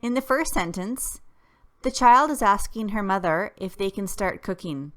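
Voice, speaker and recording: A woman teacher reading a scripted lesson, careful and deliberate, with clear pauses. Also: medium pitch, expressive, fairly bright tone. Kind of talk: slow scripted lesson narration.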